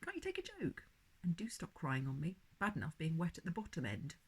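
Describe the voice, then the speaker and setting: A woman's voice: lowish voice, wildly swooping pitch, fairly quick, breathy edge, exaggerated voice. A woman voicing a clever talking baby boy with a dry, testy manner in a storybook reading. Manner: dry, patient, grumpy.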